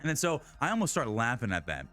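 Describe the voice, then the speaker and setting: A man's voice: mid-range voice, huge pitch swings, fast talker, sharp tone, faint music behind. A young man streaming live and telling a story in casual, rambling chat. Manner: rambling, many restarts and laughs.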